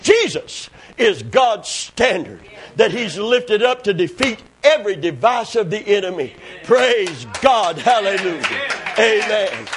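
A man preaching a fervent sermon, breaking into shouted bursts and hallelujahs. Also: sits high, very animated, a little slow, a little hiss or hum. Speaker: pastor.

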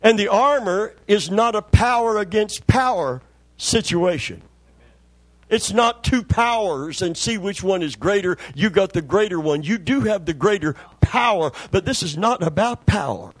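A man's voice: high-pitched, animated, a little slow, no echo. A middle-aged man preaching a sermon in a folksy, conversational storytelling way, repeating words for emphasis. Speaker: pastor.

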